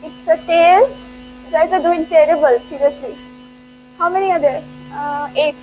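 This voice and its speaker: High-voiced playful woman lecturer. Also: moderate pace, a little mellow, slight background noise, poor audio. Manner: playful, laughs often, urges students on. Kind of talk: interactive classroom lecture. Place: lecture hall.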